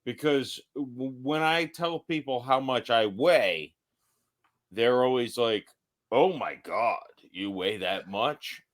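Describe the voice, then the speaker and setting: A tipsy man co-hosting a podcast, ranting loudly and profanely in casual chat. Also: medium pitch, slow. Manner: loud, profane, animated ranting. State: tipsy from drinking. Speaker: podcast co-host.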